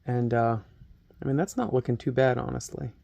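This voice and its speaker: A hobby painting channel host talks through a relaxed tutorial, his mid-range voice fairly quick, creaky and a little mellow. He chats, pokes fun at himself and thinks aloud as he works, close to the camera mic.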